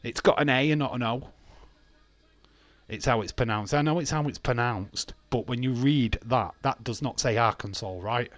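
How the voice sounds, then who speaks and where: A man's voice: medium pitch, moderate pace, no echo. A British man hosting a wrestling watch-along stream, reading chat aloud, laughing often and arguing playfully, with some swearing. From Britain. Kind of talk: casual live-stream chat.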